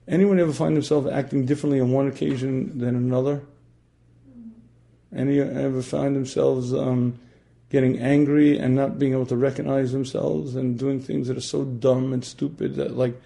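A man teaching a religious class who often clears his throat and asks his listeners questions. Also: medium pitch, dark tone.

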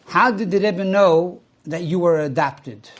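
A man's voice: high-pitched, unhurried. A man voicing an older mother as she explains a family secret to her son, told plainly in his own voice. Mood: explaining.

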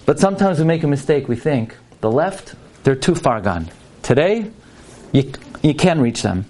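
A man's voice: a little high, very animated, moderate pace, dark tone. A man giving a sermon-style talk with stories at a fundraising parlor meeting. He speaks emphatically and works Hebrew and Yiddish terms into his storytelling.

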